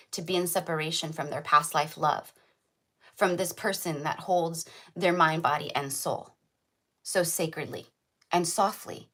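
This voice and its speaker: A woman's voice: fairly low pitch, fairly bright tone. A woman giving a casual tarot reading to camera, rambling and filling her talk with "like" and "right?". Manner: chatty, rambling, full of "like" and "right?". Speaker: tarot reader.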